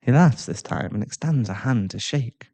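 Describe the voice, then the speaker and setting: A man narrating an audio role-play story in a calm, even way. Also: mid-range voice, moderate pace.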